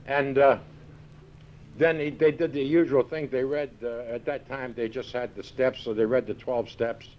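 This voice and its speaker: A man's voice: mid-range voice, moderate pace, a little hiss or hum. An older American man speaking at a recovery meeting, telling a wry, self-mocking story and acting out the dialogue. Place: large hall with live audience. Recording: dull lo-fi 1978 tape recording.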